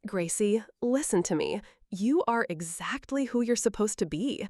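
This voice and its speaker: A loving older grandmother talks gently but plainly, read by a woman narrator. Her voice moves up and down with lively expression. The sound is dry and close. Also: mid-range voice, measured pace, dry recording. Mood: tender. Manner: gentle, reassuring, plain-spoken.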